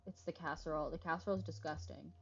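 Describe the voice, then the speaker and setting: A woman's voice: low-pitched, fairly even intonation, rapid-fire, vocal fry, breathy edge. A woman streamer playing a game, reading dialogue choices aloud with casual jokes and frequent swearing. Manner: reads dialogue choices aloud, swears freely, jokey asides. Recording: slightly dull lo-fi stream audio with faint music.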